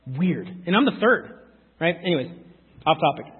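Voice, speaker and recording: A man preaching a sermon, animated and talking straight to the congregation with quick asides. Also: fairly high pitch, breathy edge. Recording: phone-like sound with long hall reverb.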